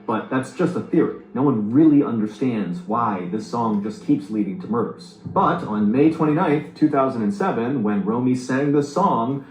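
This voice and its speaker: A man's voice: medium pitch, lively intonation, normal speed, hardly any pauses, roomy sound, low-quality recording. A man narrating a true story in a scripted storytelling style, building suspense. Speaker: narrator of the reacted video.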